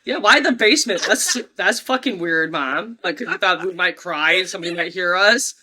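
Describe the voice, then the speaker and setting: A woman in her forties hosts a casual podcast chat with a bright, sharp voice. She tells family stories in a blunt, animated and profane way. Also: on the low side, fairly quick. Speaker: podcast host.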